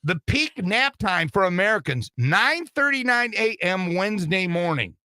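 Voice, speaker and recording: A man's voice: high voice, sing-song, moderate pace, sharp tone, no room sound, soft background music. An older man hosting a radio show from the studio, running through joke-filled news bits with a wisecracking delivery. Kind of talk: morning radio comedy chat.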